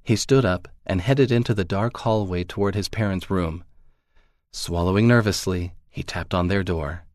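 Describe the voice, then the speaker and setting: A man reads a story aloud in a calm, measured way. His voice sits low and steady. The sound is close and dry, with no room echo. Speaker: story narrator. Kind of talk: scripted narration of a magazine story.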